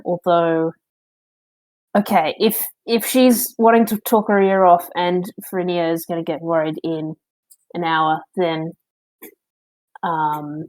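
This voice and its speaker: A woman's voice: on the low side, steady tone, a little mellow, low-quality recording. A woman playing a tabletop game, chatting casually and laughing easily. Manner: giggly, quick to laugh. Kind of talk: casual chat.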